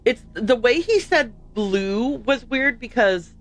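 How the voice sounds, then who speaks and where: A woman's voice: fairly high pitch, lively intonation, slow, faint music behind. A woman streaming a video game, chatting casually and playfully repeating dialogue lines aloud to try them out. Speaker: livestream host playing a game.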